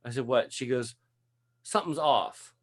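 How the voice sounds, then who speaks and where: A man hosting a relaxed catch-up conversation, retelling a story with lively energy. His voice sits at an everyday middle pitch. He often restarts his sentences and laughs as he talks. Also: normal speed. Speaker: podcast host. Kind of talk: casual chat.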